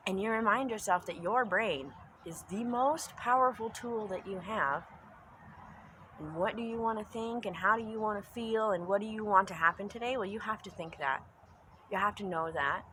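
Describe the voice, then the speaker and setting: A woman's voice: mid-range voice, moderate pace, sharp tone, slight background noise, poor audio. A woman giving a casual spoken reflection as a pagan spiritual vlogger at home, earnest and rambling, repeating phrases for emphasis and trailing off into asides. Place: home basement room.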